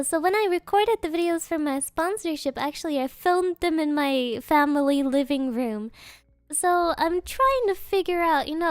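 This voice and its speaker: Playful woman streamer, high voice, unhurried, dry close sound. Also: no room sound. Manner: playful, giggly, silly joking answers. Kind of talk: casual live Q&A chat.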